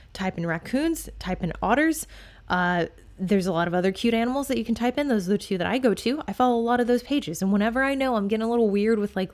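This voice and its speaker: A woman's voice: mid-range voice, darkish tone. Blunt, swearing young woman podcast host. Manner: frank and blunt, swears casually; rambling, many fillers. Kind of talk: solo podcast monologue.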